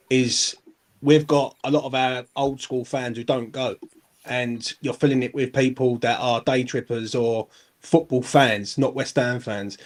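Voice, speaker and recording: A man earnestly explaining his view in a casual football podcast. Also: mid-range voice. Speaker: podcast panelist, West Ham fan.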